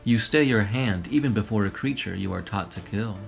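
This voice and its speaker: A man with a low voice reading the lines of a proud, aloof female alien warrior, calm and cryptic. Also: a little fast, creaky, soft background music. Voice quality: high yet harmonious.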